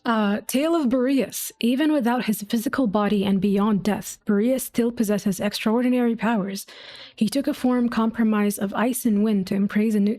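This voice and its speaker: A woman's voice: fairly high pitch, dark tone. A woman reading game lore aloud to her viewers, with gushing, affectionate asides between entries. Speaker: gaming video creator.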